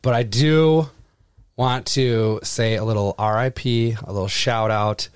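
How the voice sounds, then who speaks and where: Male co-host, mid-pitched, loose casual delivery with easy swearing. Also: fairly even intonation, measured pace, clean tone, no echo, clean studio sound. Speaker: podcast co-host. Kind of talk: casual chat.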